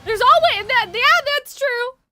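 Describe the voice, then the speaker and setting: A woman's voice: extremely high pitch, unhurried, pushed and bright, soft background music. A woman streaming a game, chatting casually and rambling, with a dry throat.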